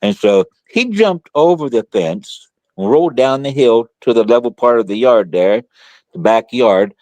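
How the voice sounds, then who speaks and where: A middle-aged man recounting a story as a podcast guest, his voice leaping up and down in pitch as he acts it out. He talks in a colloquial way and often backs up to restart a sentence. The sound is dry, with no room echo. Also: animated, moderate pace, a little mellow. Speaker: guest author. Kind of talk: casual storytelling in conversation.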